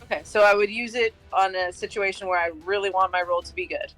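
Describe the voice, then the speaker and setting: An easygoing player in a tabletop game who laughs often and talks through moves casually. The voice sits mid-pitch, with soft music in the background. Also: steady tone, quick pace, low-quality recording. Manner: laughing, easygoing, slightly apologetic.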